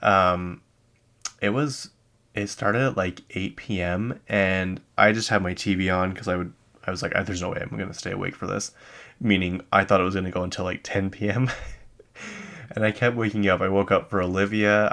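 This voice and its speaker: A man's voice: low-pitched, vocal fry, fairly bright tone. A man hosting a podcast, chatting casually and rambling about pop music news with many asides and self-corrections. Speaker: podcast host. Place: lives in Utah.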